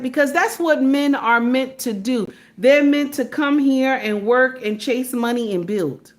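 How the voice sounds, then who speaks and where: A woman delivers a preachy commentary monologue in a high voice. She hammers her points with rhetorical questions and talks to her audience as her sisters, like a sermon. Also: measured pace, few pauses. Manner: addresses listeners as sisters, sermon-like. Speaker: online commentator.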